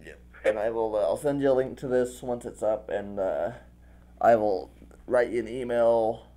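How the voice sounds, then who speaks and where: A man's voice: mid-range voice, moderate pace, warm tone. A man hosting an interview, chatting casually and praising his guest effusively. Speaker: interview host.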